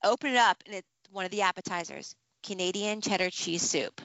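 A woman chatting casually as a podcast co-host, telling stories with lively acted-out reactions. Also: medium pitch, a little fast, dry recording. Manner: animated storytelling, acts out her own reactions. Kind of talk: casual chat. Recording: dull, slightly lo-fi dry sound.

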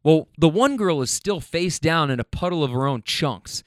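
In a car on a ride home, a man casually tells wild stories about his restaurant serving job. His voice is on the high side and moderately paced, and he's animated, blunt, profane, and laughs at his own stories. There's no room sound; the audio is clean studio sound.

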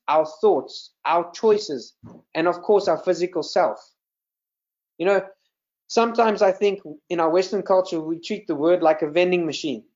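A man's voice: fairly high pitch, darkish tone, muffled recording. A man serving in ministry gives an earnest sermon over a video call, often repeating words as he teaches. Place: video call with screen share.

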